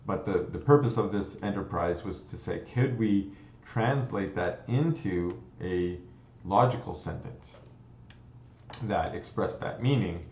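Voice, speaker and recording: Deep-voiced man lecturing in a roomy space. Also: expressive, a little slow, darkish tone. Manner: explanatory, thinks aloud with frequent restarts and "okay?" checks. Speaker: computer science lecturer. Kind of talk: recorded lecture. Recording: dull, roomy lecture recording.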